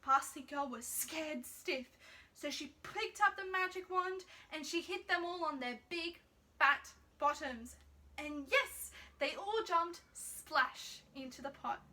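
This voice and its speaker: High-voiced woman reading a fairy tale. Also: slow pace, bright, forceful tone. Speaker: storyteller.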